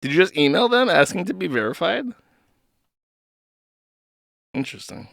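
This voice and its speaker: A man hosts a live stream, commenting on posts in a sarcastic, casual way and laughing often. His voice is bright and a little high, with pitch that jumps around. The sound is dry and close to the mic. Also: big pitch swings, quick pace, gravelly, no room sound.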